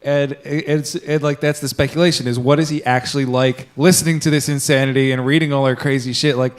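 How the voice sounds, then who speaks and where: A man's voice: medium pitch, steady tone, a little fast. A young man in his twenties co-hosting a podcast, rambling through gaming stories with casual swearing and acted-out quotes. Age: 20s. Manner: rambling storyteller, swears freely, acts out quoted people. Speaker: podcast co-host. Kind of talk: casual chat.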